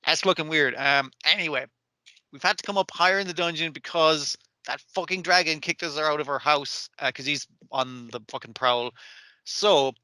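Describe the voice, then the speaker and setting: A man's voice: a little high, moderate pace, pushed and bright, dry recording. A man co-hosting an anime podcast in casual, profane chat, acting out characters' lines as he recaps. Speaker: podcast co-host.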